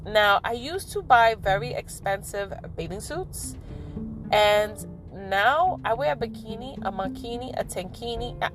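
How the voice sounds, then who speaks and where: A middle-aged woman chatting casually to camera in a vlog, talkative and laughing at herself with lively asides. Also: a little high. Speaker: vlogger.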